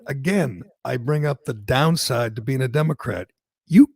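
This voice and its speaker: Male talk host, animated and opinionated, gravelly with a dry studio sound. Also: medium pitch, dry recording. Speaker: radio talk show host. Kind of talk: casual political talk.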